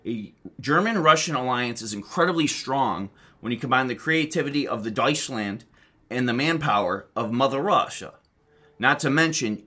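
A man's voice: mid-range voice, sharp tone. A man giving an opinionated political monologue, sarcastic and mocking. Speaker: political commentator.

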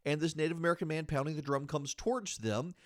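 A man with a slightly high voice and fairly even intonation talks quickly, recorded dry in studio quality. Hosting a podcast alone, he delivers political commentary in an indignant, argumentative manner, repeating phrases for emphasis.

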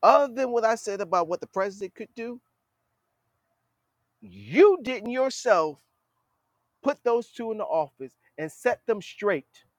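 Blunt, high, lively man scolding politicians. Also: unhurried, long pauses, no room sound. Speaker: podcast host. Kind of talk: political commentary monologue.

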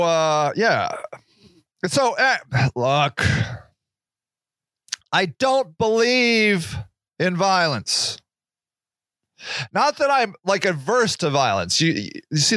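A man in his own podcast, talking slowly in a loose, rambling monologue full of jokes and swearing. His fairly high voice swings widely in pitch. The recording is dry and close. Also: pushed and bright, no room sound. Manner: rambling, profane, jokey, with sudden pitch jumps. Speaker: podcast host.

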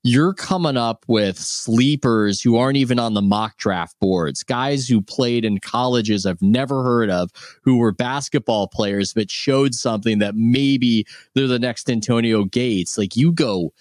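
A man's voice: medium pitch, a little slow, hardly any pauses, no echo, clean studio sound. A male host asking long, effusive questions and praising his guest's work. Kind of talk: interview questions.

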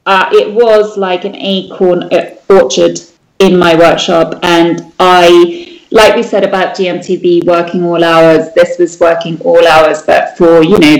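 A woman tells her story as an interview guest in a lively, animated way. Her voice sits fairly low, and the room around her rings with echo. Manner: animated, lively retelling with quoted outbursts. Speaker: jewellery designer, interview guest.

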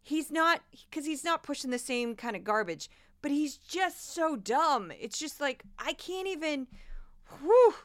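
A woman's voice: high voice, expressive, unhurried, fairly bright tone. A woman in her forties hosting a podcast, giving casual, sarcastic and exasperated commentary on news clips. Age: 40s. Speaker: podcast host.

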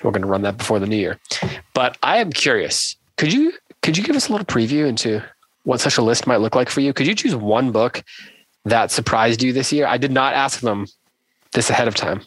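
A man hosts a book podcast, talking in a relaxed, chatty, rambling way with frequent restarts. His mid-range voice moves fairly quickly, with no room sound.

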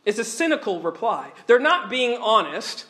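High-voiced earnest male preacher. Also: normal speed. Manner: animated, earnest preaching with frequent word repeats. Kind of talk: sermon.

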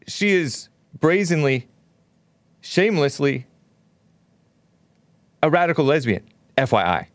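A man's voice: medium pitch, no echo. A male talk show host delivering an opinionated monologue in a scornful, ranting way, with mocking laughs.

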